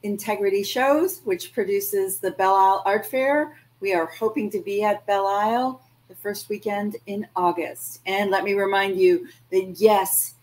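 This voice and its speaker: A woman's voice: mid-range voice, moderate pace, few pauses, rough recording. Woman host giving gushing thanks. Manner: warm thanks and gushing praise. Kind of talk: hosting a virtual art fair.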